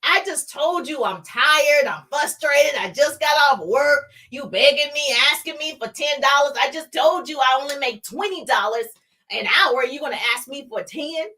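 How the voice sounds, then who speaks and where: Brief: woman voicing a worn-out dad snapping at his kid, high and loud in a storytelling telling. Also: animated, normal speed. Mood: exasperated. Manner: scolding, exasperated. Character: tired irritated working father, male, adult.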